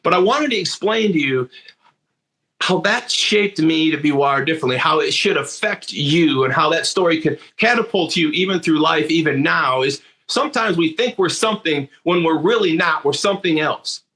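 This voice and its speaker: A man's voice: a little high, lively intonation, moderate pace, sharp tone. A man in his sixties from Michigan, telling a personal story in an earnest monologue full of restarts and repeated words. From Michigan, USA. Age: 60s. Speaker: motivational speaker.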